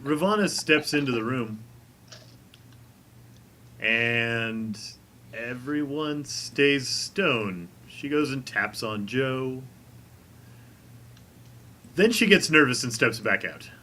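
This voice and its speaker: A man running a tabletop game as game master, narrating the action with a bright, forceful voice. He laughs often, and a faint hiss sits under his speech. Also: mid-range voice, lively intonation, takes it slowly, pauses often.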